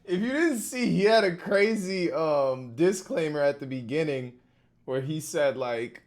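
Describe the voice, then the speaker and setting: Chatty, lively-voiced streamer guy. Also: on the high side, measured pace. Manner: loose, slangy, laughs often, lots of fillers. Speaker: streamer reacting to a video. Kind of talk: casual chat.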